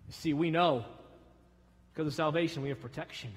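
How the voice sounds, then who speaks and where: Middle-aged male pastor, fervent sermon delivery with loud surges and hushed drops, high voice, church hall reverb. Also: brisk. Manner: preaching with sudden loud rises and soft drops. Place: church sanctuary.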